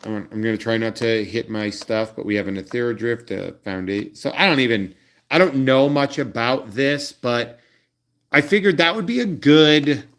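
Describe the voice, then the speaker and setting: A man's voice: mid-range voice, normal speed, a bit bright. A man in his forties hosting a card collecting channel, chatting casually to viewers in a rambling way, with many ums and uhs. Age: 40s.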